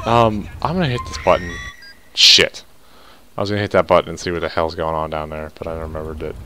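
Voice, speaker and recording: A young man giving let's play commentary, tired but excitable, swearing often over loud game audio. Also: sits low, fast. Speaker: gamer. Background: loud game sirens and traffic.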